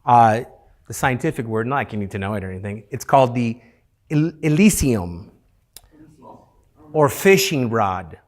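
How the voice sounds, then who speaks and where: A man's voice: mid-range voice, expressive, moderate pace, pauses often. A man leading youth group teaching in a playful, interactive way, having the room repeat key words.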